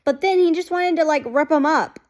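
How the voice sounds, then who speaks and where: A woman's voice: high-pitched, brisk. A woman chatting casually to her camera as a fan vlogger, rambling and saying "like" constantly. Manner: rambling, heavy use of "like", chatty. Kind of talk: casual chat.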